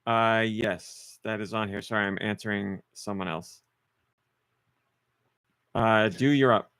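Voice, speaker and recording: A man's voice: fairly low pitch, steady tone, takes it slowly, a bit bright, clean tone, no echo, studio quality. A man hosting a casual podcast, running a guessing game with playful teasing. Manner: playful, teasing quiz-master. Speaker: podcast host.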